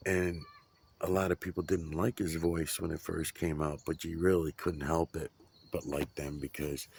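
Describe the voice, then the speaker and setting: A man's voice: sits low, creaky, a little hiss or hum. A man rambling and ranting outdoors, swearing often. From United States. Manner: profane, ranting. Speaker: vlogger.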